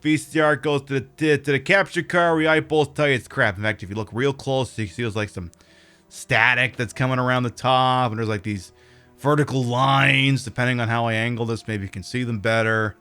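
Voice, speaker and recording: A man's voice: medium pitch, steady tone, a little fast, pushed and bright, clean tone, soft background music. Chatty, profane drag queen streamer. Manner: chatty and profane, many fillers. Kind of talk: casual livestream chat.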